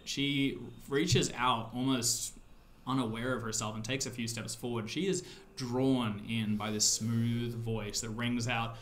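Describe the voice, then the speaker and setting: A man's voice: mid-range voice, fairly bright tone, slight background noise. Man narrating a tabletop horror game. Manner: descriptive, loose with fillers like "sort of". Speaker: game master.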